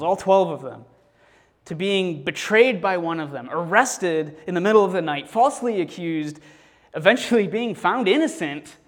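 A man reading a scripture passage with expression, then teaching from it in a casual, unscripted way with frequent fillers and restarts. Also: fairly high pitch.

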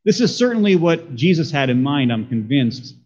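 Husky-voiced pastor preaching a sermon. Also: male voice, a little high, sing-song, normal speed, a little mellow, lo-fi sound. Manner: conversational, asks the congregation questions.

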